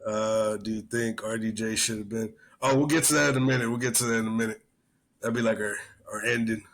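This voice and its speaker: A man co-hosting a casual podcast, talking in a profane, rambling, animated way and telling stories. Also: lowish voice, a little fast. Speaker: podcast co-host. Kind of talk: casual chat.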